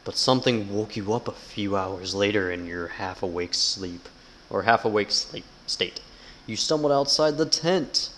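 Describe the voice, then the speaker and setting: A man's voice: on the low side, measured pace, fairly bright tone, a little hiss or hum, poor audio. A man giving casual, sarcastic gameplay commentary, swearing a lot and reading game text aloud. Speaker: gamer.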